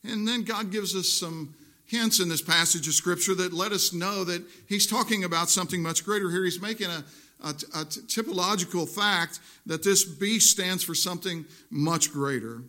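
A man's voice: high voice, normal speed, bright, forceful tone. A man preaching a sermon, reading scripture aloud and explaining it with earnest emphasis. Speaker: pastor.

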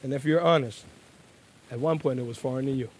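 A man preaching a sermon. He drops to a hushed, low voice, then builds to loud, emphatic bursts and slows down on key words. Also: slight background noise.

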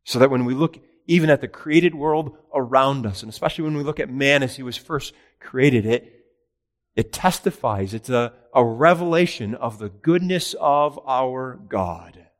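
A man preaching a catechism sermon with earnest, emphatic delivery, raising his voice for rhetorical questions and slowing down on key phrases. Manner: earnest preaching, rising in pitch and volume for emphasis. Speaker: pastor.

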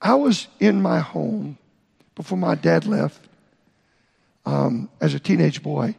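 Middle-aged male pastor, high gravelly voice, preaching a sermon, echoing through a long-reverb church hall. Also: expressive, darkish tone. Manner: halting, repeats words, explains Greek terms. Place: church sanctuary.

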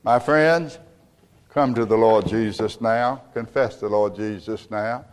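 A man preaching a sermon as pastor, emphatic and building to loud peaks. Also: lowish voice, slow pace, big-room sound. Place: church.

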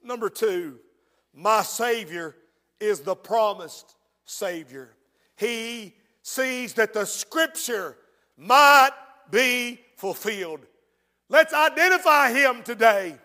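A man preaching a fervent sermon, dropping to a hush and then rising to shouts. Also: extremely high pitch, animated, takes it slowly. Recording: long reverb in a large hall.

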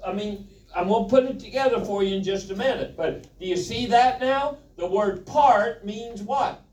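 A man's voice: high voice, moderate pace, darkish tone. A man preaching a Bible lesson, with a folksy, joking manner, asking the congregation questions. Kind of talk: sermon, Bible teaching. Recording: roomy, from a distance.

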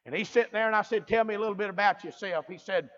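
A preacher man with a strikingly high voice tells his story at a revival. He moves from quiet storytelling into fervent, rising preaching. The recording sounds dull and muffled. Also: racing. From American South.

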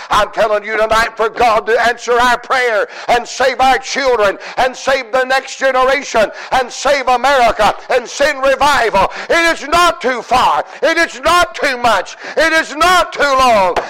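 Impassioned high-voiced preacher, slow delivery. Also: male voice, low-quality recording. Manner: impassioned preaching, swinging from hushed murmurs to shouted cries; draws out words slowly for emphasis. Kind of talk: sermon.

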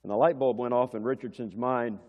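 A male preacher delivering a sermon, swinging between loud emphasis and hushed moments, and asking the congregation questions like a teacher. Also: mid-range voice, fairly even intonation, brisk. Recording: dull sound, long church reverb.

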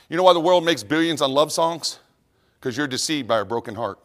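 A middle-aged man with a drawl, preaching from the pulpit in a church sanctuary. His voice sits a little high and swings from loud, lively delivery to hushed asides. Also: brisk. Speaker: pastor. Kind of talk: sermon.

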